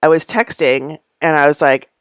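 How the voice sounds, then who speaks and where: A woman's voice: sits low, fairly even intonation, normal speed, smooth, no room sound. Chatty woman host, dry close sound. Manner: rambling, chatty, laughs often between asides. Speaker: host of a live knitting stream. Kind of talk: casual live-stream chat. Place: at home among packed belongings.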